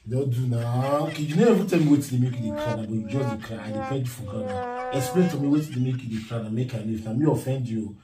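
A man's voice: medium pitch, quick pace, hardly any pauses, echoey room. Nigerian man, worried, repetitive pleading, distant mic, faint music underneath. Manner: pleading, repeats the same worried questions. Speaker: husband in a prank video. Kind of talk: casual home vlog.

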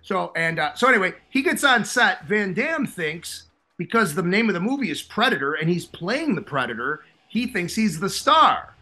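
A man with a thick Chicago accent, co-hosting a casual movie chat and telling a film story in a jokey, animated way. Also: sits high, normal speed, few pauses. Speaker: co-host.

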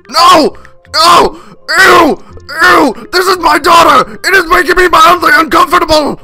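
A man voicing a hot-tempered, proud alien warrior father in a comedic reaction parody, foul-mouthed and indignant, with a gravelly voice. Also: on the high side, bright, forceful tone, heavily acted.

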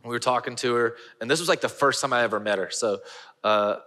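A man preaching a sermon as pastor, telling a funny personal story with lively, self-mocking delivery. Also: mid-range voice, quick pace, in a large hall. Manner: animated storyteller, laughing at himself. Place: large church auditorium.

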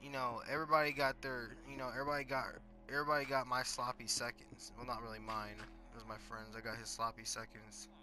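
Teenage boy rambling crudely, bright voice. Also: mid-range voice, little pitch movement, fast talker, hardly any pauses, faint music behind. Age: teens. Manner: rambling and crude, heavy on fillers and profanity. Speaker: storyteller. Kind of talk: casual rambling storytelling.

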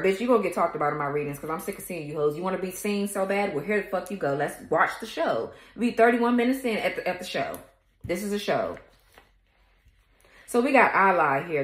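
A woman with a low voice reads tarot and rants at her haters. She is profane and confrontational the whole way through. The recording has a noticeable room echo. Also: animated, brisk. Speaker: tarot reader. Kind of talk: tarot reading rant. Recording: echoey room.

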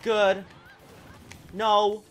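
A man giving live gameplay commentary, excitable and exasperated, breaking into sudden shouts. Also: sits high, extremely slow, faint music behind. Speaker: gaming video creator.

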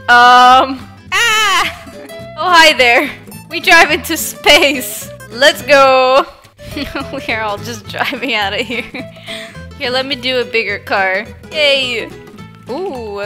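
A woman's voice: high-pitched, sharp tone. A young woman playing a game on camera, chatting with other players, giggling often. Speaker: gaming YouTuber. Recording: game music faintly behind.

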